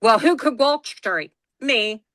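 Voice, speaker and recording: A woman tells a family story over casual chat. Her voice is bright and a little high, and she acts out everyone's lines and swears freely. The recording is close and dry. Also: lively intonation, takes it slowly, no echo. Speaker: guest storyteller.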